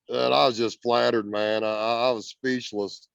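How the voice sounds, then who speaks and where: A man's voice: medium pitch, flat delivery, normal speed, gravelly, few pauses, clear, resonant tone, no echo, lo-fi sound. A man from Indiana, a guest earnestly telling a story in casual chat, often repeating words as he goes. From Indiana, USA.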